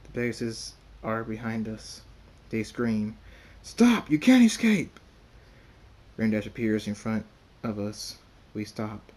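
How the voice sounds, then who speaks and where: Halting man reading his fan fiction. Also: fairly low pitch, completely flat delivery, darkish tone. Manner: halting, repeats words. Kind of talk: amateur first-person story reading.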